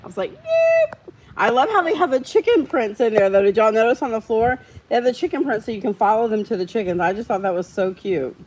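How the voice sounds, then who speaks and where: A woman's voice: a little high, animated, fast talker, few pauses, a little mellow, poor audio. Chatty woman hosting a live stream. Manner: chatty, reads out viewer comments, gets heated about dogs. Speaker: livestream host. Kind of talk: casual live-stream chat with viewers.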